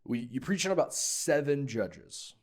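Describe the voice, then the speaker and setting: A man's voice: medium pitch, big pitch swings, a little slow. A man hosting a church podcast in casual chat, playful and chatty, often restarting his sentences. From Ohio. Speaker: podcast host.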